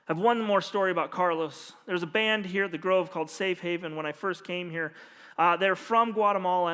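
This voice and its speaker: A male pastor with a high-pitched, fairly bright voice preaches a sermon in a church sanctuary, animatedly telling stories and acting out the dialogue. The recording has long hall reverb and faint music.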